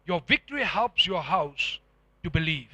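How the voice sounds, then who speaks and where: A man preaching a sermon as pastor, animated and firing rhetorical questions at the congregation. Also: a little high, normal speed, no room sound.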